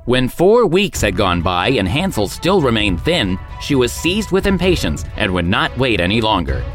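A man narrating a fairy tale in an expressive storyteller's manner. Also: mid-range voice, normal speed. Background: background music.

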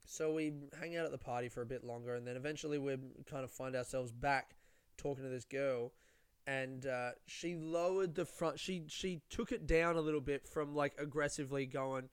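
This young Australian comedian hosts a casual podcast chat, spinning rambling, sweary stories that poke fun at himself. His voice sits at a medium pitch with a moderate pace, and the recording is clean, studio quality, with no room sound.

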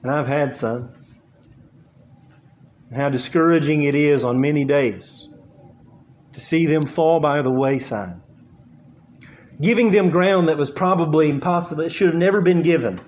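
An earnest male preacher with a slightly higher than usual voice. He speaks haltingly, with many fillers and restarts, as he explains a passage to his congregation. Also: a little mellow. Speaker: pastor. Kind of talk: sermon.

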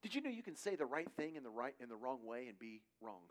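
A man's voice: medium pitch, big pitch swings, fast talker. A middle-aged man giving a conversational sermon, telling stories casually and acting out quoted voices. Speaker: preacher.

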